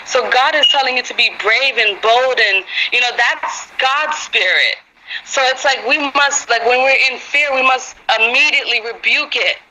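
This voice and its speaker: A woman teaches a women's Bible group in an earnest, rambling style of informal devotional teaching, leaning on lots of "you know" fillers. Her voice is fairly high, pushed and bright, on a low-quality recording.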